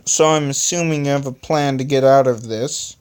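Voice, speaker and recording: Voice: medium pitch, fairly even intonation, moderate pace, darkish tone, clean tone, close to an everyday voice. A home reader voicing Spiderly, a heroine with time-stopping powers who speaks in a raised, questioning way.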